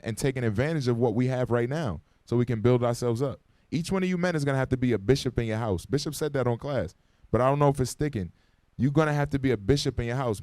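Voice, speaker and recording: A man leading a Bible class at a quick pace, talking casually and with urgency. He keeps checking that the room is with him and asking for responses. His voice sits in a middle pitch, recorded dry and close. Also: a little mellow, no echo. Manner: conversational and urgent, calling for responses. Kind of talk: informal Bible class teaching. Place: classroom gathering. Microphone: microphone.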